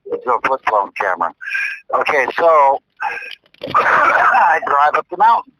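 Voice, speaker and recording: A man's voice: on the high side, wildly swooping pitch, slow, sharp tone, no echo, rough recording. A man telling a story in casual chat as a podcast co-host, emphatic and repeating himself, with mild swearing.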